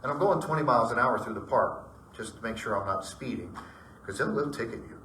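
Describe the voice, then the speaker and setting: A man's voice: mid-range voice, fairly quick, distant mic, slight background noise. A middle-aged man telling personal ghost stories to a group in a casual, rambling way, acting out what people said. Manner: rambling, animated retelling with acted-out dialogue. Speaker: storyteller. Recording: echoey room, voice from off-mic.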